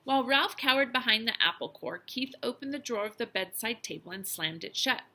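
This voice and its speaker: A woman teacher reading a children's novel aloud, with expressive storytelling and lively emphasis. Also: on the high side, fairly quick.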